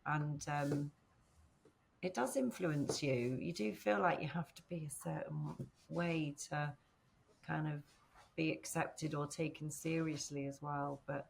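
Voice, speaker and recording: A woman from northern England chats as a podcast guest, her low voice carrying a gravelly fry. She rambles a little, filling pauses with "um" and "you know". A faint hiss of noise sits under the recording. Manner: chatty, rambling, with frequent fillers and laughs. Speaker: podcast guest, company founder. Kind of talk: casual conversational interview.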